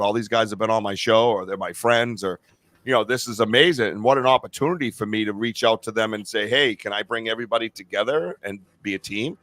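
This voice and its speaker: A man's voice: lowish voice, fairly bright tone, no room sound. A middle-aged man hosting a live-stream podcast, chatting casually in a rambling, profane and enthusiastic way. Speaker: podcast host. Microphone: remote stream call.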